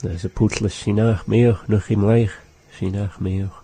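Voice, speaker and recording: Deep, dark-voiced man teaching words. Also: level tone, gravelly, husky. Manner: repeats words slowly to teach them. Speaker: language teacher. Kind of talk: casual language lesson.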